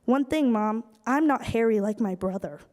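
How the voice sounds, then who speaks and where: A woman's voice: on the high side, lively intonation, normal speed, darkish tone, close to an everyday voice. A woman voicing a young man, hesitant and sheepish, heard in an echoey hall. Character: young man nervously fooling his father.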